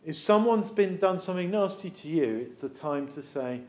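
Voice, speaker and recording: A man's voice: high-pitched, normal speed. A man with an English accent, a vicar telling a Bible story as a children's talk, acting out the characters as he goes. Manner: animated storytelling, acts out the characters.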